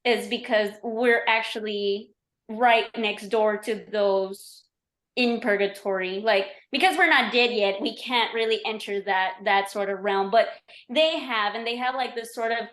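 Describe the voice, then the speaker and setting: A woman's voice: medium pitch, a little slow, a bit bright. A woman who is a podcast guest, chatting casually and explaining with lots of "like" and "you know". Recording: roomy, echoey remote recording.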